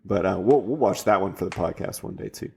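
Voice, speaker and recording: A man's voice: deep voice, brisk, creaky, mellow, slightly rough. A man from Houston co-hosting a podcast, chatting casually and rambling about a film with fillers and restarts. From Houston, Texas. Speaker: podcast co-host. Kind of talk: casual chat.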